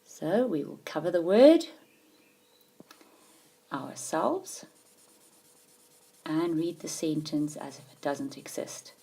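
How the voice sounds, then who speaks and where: A woman with a low voice teaches a grammar lesson. She talks patiently and leans hard on key words, stopping to ask if the learner is following along. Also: very animated, takes it slowly, vocal fry, pauses often, mellow, slightly rough. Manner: patient, emphatic, checks understanding with questions.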